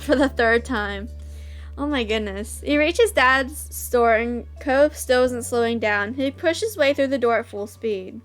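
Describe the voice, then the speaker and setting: A woman's voice: a little high, fairly bright tone. A woman host reading a visual novel aloud, breaking off into giggly, gushing asides.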